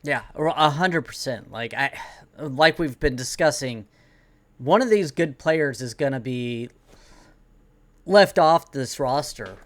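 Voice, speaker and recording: A man co-hosting a casual sports podcast, chatty and halting, with frequent "like"s. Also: medium pitch, lively intonation, a bit bright. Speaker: podcast co-host.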